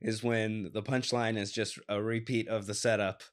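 A man's voice: on the low side, flat delivery, moderate pace. Easygoing chuckling male podcast co-host. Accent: West Coast American. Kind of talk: casual comedy chat.

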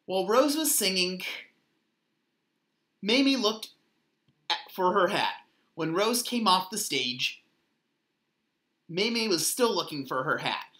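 A woman reading a children's storybook aloud in a slow, expressive way. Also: mid-range voice. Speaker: children's book reader. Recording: echoey room.

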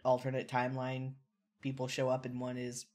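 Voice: mid-range voice, monotone, normal speed, a little mellow. Teasing, playful podcast co-host. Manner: teasing, playful, laughs often. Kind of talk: casual chat.

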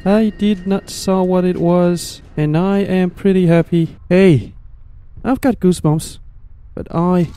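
Jumpy high-voiced man playing a horror game. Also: fairly even intonation, takes it slowly, dark tone, slight background noise. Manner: jittery, jumps to high-pitched pleading when scared. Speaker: gamer. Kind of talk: horror game playthrough commentary.

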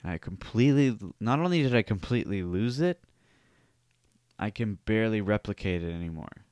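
Cape breton guy hosting a podcast, smooth clear voice, dry close sound, rambly and sweary. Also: on the low side, animated, brisk, a little mellow, no room sound. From Cape Breton Island, Canada. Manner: rambling, profane, wry. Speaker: podcast host. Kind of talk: casual podcast chat.

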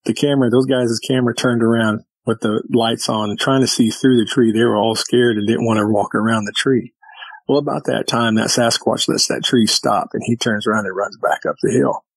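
A man's voice: medium pitch, steady tone, normal speed, creaky, husky, dry recording, poor audio. A man who is a podcast guest, telling a story in casual chat and acting out the exchanges with vivid detail.

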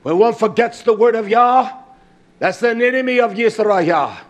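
A man preaching a sermon with fervent delivery that moves between shouts and quieter stretches, breaking in with repeated hallelujahs. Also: extremely high pitch, lively intonation, normal speed. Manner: fervent, rising to shouts, then quieter and reflective.

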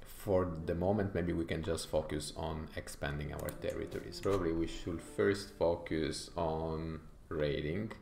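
A man's voice: extremely low pitch, steady tone, a little slow, creaky, hardly any pauses, a little mellow, roomy sound. A man from Italy with an Italian accent, thinking aloud with frequent fillers as he comments on his strategy game playthrough. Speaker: gaming YouTuber.

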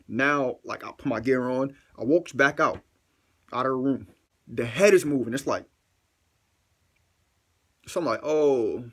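A man telling a funny story in a casual storytime vlog, excitable and swearing, repeating himself for effect. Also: medium pitch. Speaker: vlogger.

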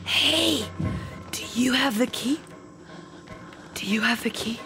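A young woman streamer narrating a horror game playthrough in a casual, joking way, her high voice breaking into shrieks and playful taunts. Game music plays behind her. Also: slow. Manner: animated, jokey, shrieks and taunts enemies. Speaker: gaming streamer.

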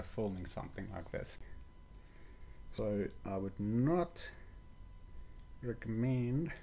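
A man's voice: medium pitch, gravelly, a little mellow, slight background noise. A young man reviewing a toy kit in a casual vlog, muttering and sighing with exasperation as he paints.

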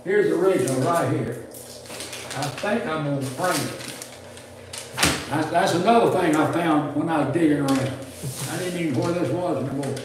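A man's voice: on the high side, normal speed, noisy background. An older man, teaching preachers in a folksy, rambling sermon style with restarts and chuckles. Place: church classroom. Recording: roomy, distant mic with faint ambience.

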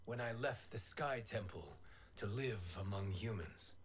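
A man voicing a calm, wise male wind god in a video game cutscene, speaking in a measured, solemn way. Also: fairly low pitch.

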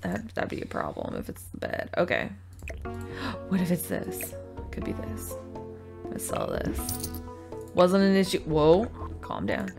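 Woman host talking through her gameplay, animated, slightly gravelly, over loud game music. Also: on the low side, a little slow, pauses often. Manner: chatty, scolding her game characters. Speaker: gaming video host. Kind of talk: casual gameplay commentary. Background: game music and baby cries.

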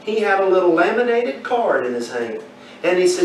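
Male Bible teacher, high voice, questions the class, recorded far off in an echoey room. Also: big pitch swings, moderate pace, slight background noise. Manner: asks the class questions, folksy storytelling.

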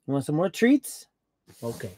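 A man's voice: on the high side, moderate pace, very noisy. Chatty young man in his van. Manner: chatty, animated, talks to his dog. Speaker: van life vlogger. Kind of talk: casual livestream chat. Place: inside a cargo van.

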